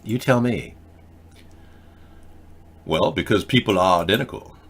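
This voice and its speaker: A man's voice: on the low side, lively intonation, measured pace. A man hosting a live video chat show, answering viewer comments in a blunt, lecturing, argumentative way on a webcam mic. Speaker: host.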